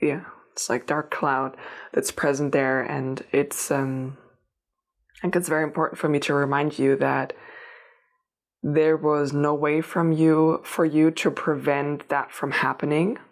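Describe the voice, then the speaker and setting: A woman gives a spiritual tarot reading, speaking directly to her listener. Her voice sits low and stays quite level, with little rise and fall. She wanders through her thoughts, restarting phrases as she goes. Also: flat delivery, a little slow. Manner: meandering, many restarts and fillers, addresses listener directly. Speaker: tarot reader. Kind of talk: unscripted spiritual reading to camera.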